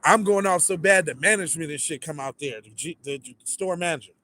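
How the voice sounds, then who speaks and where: A man casually telling a story, animated and full of swearing, acting out the people in it. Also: a little high, brisk. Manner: animated, profane, acts out the people in his story. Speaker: podcast storyteller.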